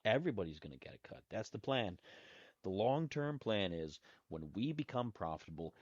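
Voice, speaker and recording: Rambling low-voiced podcast host. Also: male voice, big pitch swings, normal speed, no room sound. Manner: loose and rambling, with restarts and asides. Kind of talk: casual solo podcast talk. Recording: dry, dull lo-fi sound.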